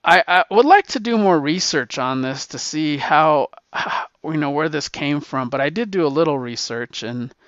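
A guest answering a question rambles through a war comic's plot in casual storytelling, full of fillers, restarts and profanity. His voice sits on the high side, animated and fairly bright, at a moderate pace. The recording is dry, dull and slightly lo-fi.

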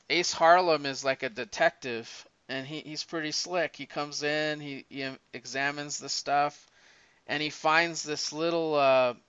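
A man in casual chat, retelling a comic story in a rambling, animated way, with many restarts. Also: on the high side, clear, resonant tone, dry recording. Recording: dull lo-fi recording.

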